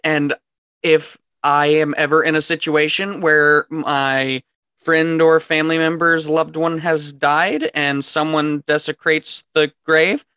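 A podcast co-host retelling a horror film in casual chat, giggly and profane, saying they are high, on a podcast microphone. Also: pushed and bright, no room sound, studio quality.

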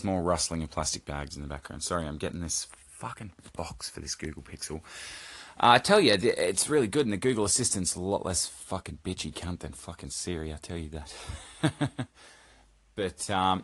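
A man with a low voice talks off the cuff in a solo podcast check-in from home. He rambles, swears a lot and jokes at his own expense, breaking off to scold his cat. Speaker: podcast host.

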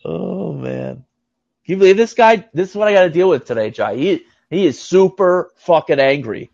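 A man's voice: on the high side, expressive, normal speed, vocal fry, a little mellow, no room sound. A man hosting a casual sports podcast, keeping the talk on track and laughing along. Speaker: podcast host. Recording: dull lo-fi sound.

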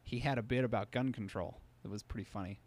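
Talking fast in a lowish voice with a darkish tone, a man co-hosts a studio podcast and tells a long story in casual, filler-heavy, rambling chat.

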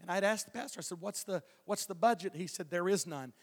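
Speaking fast in a high voice, a male evangelist preaches his testimony from the pulpit, folksy and chuckling, often stumbling and starting over. Long reverb from the hall surrounds him.

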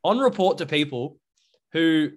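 A man's voice: on the high side, expressive, measured pace. A young Australian man co-hosting a podcast in casual chat, rambling with lots of fillers. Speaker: podcast co-host.

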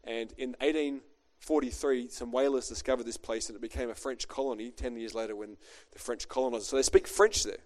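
A man's voice: medium pitch, steady tone, brisk, hardly any pauses. A middle-aged man, a pastor preaching a chatty, joking sermon built on a personal story.

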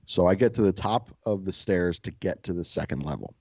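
Soft-spoken male podcast co-host, low voice, casual storyteller, swears a lot, dull dry mic. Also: expressive, a little fast, husky, no room sound. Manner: swears freely, laughs at himself.

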